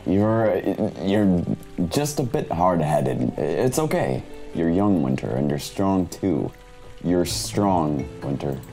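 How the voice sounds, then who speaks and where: Guy doing a deep mentor voice, firm and soothing, kinda mellow tone. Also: a little slow, faint music behind. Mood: reassuring. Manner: low, soothing, firm reassurance. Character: gruff older male mentor, steady and firm.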